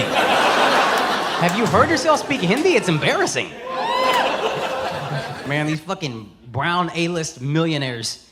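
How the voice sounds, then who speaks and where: A man's voice: very high voice, very animated, moderate pace, noisy background. A man in his thirties performing a stand-up set on stage, brash and profane, with a mocking delivery. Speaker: stand-up comedian. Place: comedy stage before a live audience. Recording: live show with loud crowd laughter.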